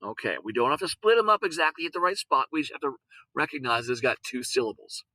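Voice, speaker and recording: A man teaching a lesson, patient, repeating words and sounding them out slowly. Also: medium pitch, big pitch swings, bright, forceful tone, dry recording, poor audio. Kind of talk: recorded classroom lesson on syllables.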